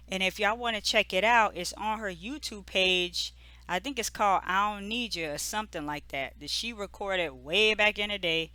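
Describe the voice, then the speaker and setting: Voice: medium pitch, pushed and bright, clear, resonant tone, dry recording. A host giving a casual, gossipy episode recap, full of "like" and "you know". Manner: chatty, filler-heavy storytelling with lots of "like" and "you know"; amused, gossipy asides.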